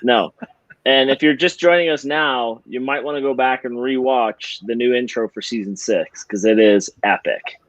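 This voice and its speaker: A man's voice: medium pitch, moderate pace, no room sound. Teasing man over dull lo-fi audio. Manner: dry, teasing. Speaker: podcast co-host. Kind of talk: casual chat.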